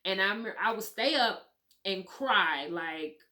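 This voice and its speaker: A woman vlogger telling her personal story at home in a casual, animated way, talking straight to her viewers and swearing now and then. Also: medium pitch, unhurried.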